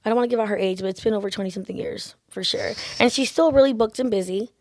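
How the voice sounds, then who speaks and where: A woman's voice: medium pitch, darkish tone, no room sound, studio quality. A woman nail artist telling stories in a casual chat, full of "like" and "literally". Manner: fast, chatty storyteller, lots of "like" and "literally".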